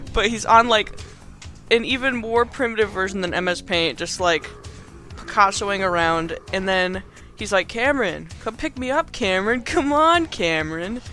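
A man's voice: high-pitched, bright, forceful tone. A man hosting a podcast, casually recapping a movie in a rambling, chatty way with frequent laughs. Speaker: podcast host. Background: movie soundtrack playing faintly.

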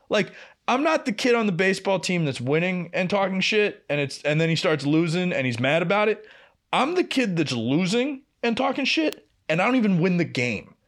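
Profane young man telling a story. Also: high voice. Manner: profane, animated, acts out quoted exchanges. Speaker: podcast co-host. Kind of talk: casual storytelling.

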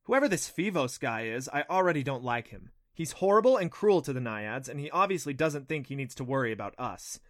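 A man's voice: mid-range voice, lively intonation, a little fast, hardly any pauses, dry recording, studio quality, lightly acted. A man voicing a fierce, bossy teenage girl who talks with urgent indignation. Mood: indignant.

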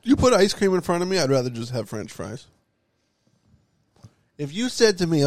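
A man's voice: on the high side, big pitch swings, moderate pace, pauses often. Crude joking man in loose banter. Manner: loud joking, trades insults.

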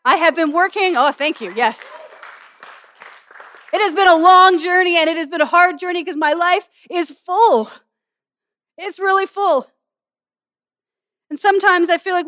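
A middle-aged woman pastor giving an animated, humorous sermon in a conversational way. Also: extremely high pitch, normal speed, pauses often, no room sound, clean studio sound. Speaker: pastor and student chapel speaker. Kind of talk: sermon with object lesson.

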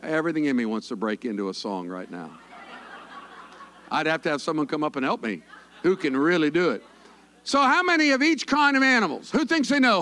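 Pastor, man, folksy joking sermon, high animated voice. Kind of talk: conversational sermon.

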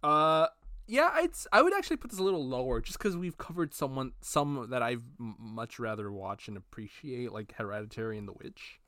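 A man co-hosting a casual podcast, chatting in a relaxed, agreeable way and often saying "alrighty.". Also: mid-range voice, a little fast, no room sound, studio quality. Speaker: podcast co-host. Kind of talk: casual chat.

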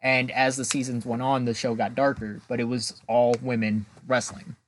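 A man co-hosting a podcast in casual chat, halting and often repeating his words. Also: medium pitch, little pitch movement, a little hiss or hum. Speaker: podcast co-host.

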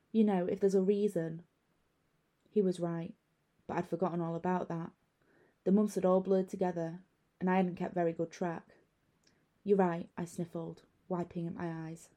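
A young woman reads a first-person horror story aloud, her voice lowish and mellow. She keeps her delivery measured and lets a quiet unease build through the telling. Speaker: narrator.

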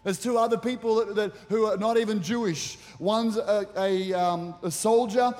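A man preaching with a high voice and a lively, animated delivery. He acts out the people in his stories as he goes. The sound carries the long reverb of a large church auditorium. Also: moderate pace. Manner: animated, acts out quotes in the story. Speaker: pastor. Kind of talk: sermon.

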